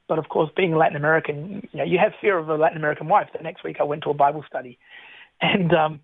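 Aussie guy on the phone to a radio show, telling his story, bit high voice, keeps restarting and chuckling. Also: fairly even intonation, rapid-fire, vocal fry, no echo. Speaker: interview guest. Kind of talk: personal faith testimony. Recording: tinny phone line, dry.

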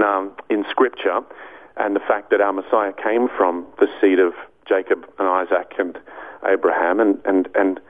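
A man telling his story in a hesitant, restarting way as a radio interview guest. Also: fairly low pitch. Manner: hesitant, many restarts, then playful impressions. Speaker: guest voice actor and evangelist. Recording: phone-like narrow line.

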